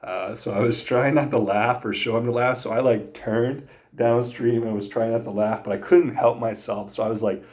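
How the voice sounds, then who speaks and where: A younger man hosts a podcast, casually spinning fishing stories that ramble along with lots of fillers and frequent laughter. His voice sits at a medium pitch with a darkish tone, and he speaks at a moderate pace with fairly even intonation.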